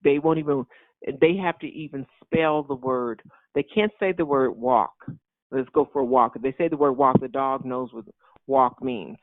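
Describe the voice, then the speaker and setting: A man preaching an informal sermon in an animated, repetitive way, often acting out excited voices. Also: mid-range voice, normal speed, dry recording. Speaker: pastor. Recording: tinny phone-like sound.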